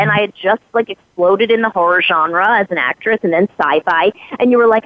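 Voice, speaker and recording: A woman's voice: mid-range voice, fairly quick, hardly any pauses, dry recording. A woman from Philadelphia, a guest actress, talking effusively and animatedly in a casual interview. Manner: effusive, warm praise, animated. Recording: dull dry phone-line sound.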